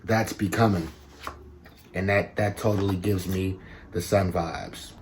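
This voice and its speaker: A man giving a casual tarot reading to his viewers, talking slowly and repeating himself, with bits of slang. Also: sits low, steady tone, slight background noise. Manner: slow, repetitive, conversational with slang. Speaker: tarot reader.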